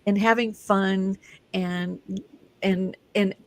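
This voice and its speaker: Gravelly animated woman telling stories. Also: medium pitch, slow pace, no room sound. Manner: animated storyteller, acts out quotes, laughs often. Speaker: guest, energy and intuition instructor. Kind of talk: casual talk show chat. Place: broadcast studio.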